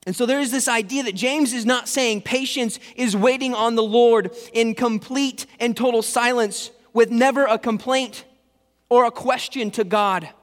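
A man's voice: extremely high pitch, moderate pace. A man preaching a casual, conversational sermon, retelling a story with joking asides in a large hall. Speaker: pastor. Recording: reverberant hall.

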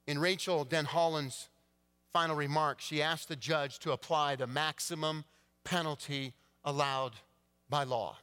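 A male pastor preaching a sermon, swinging between hushed, quiet passages and emphatic, rising declarations. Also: on the high side, steady tone, a little slow, smooth. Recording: long church-hall reverb.

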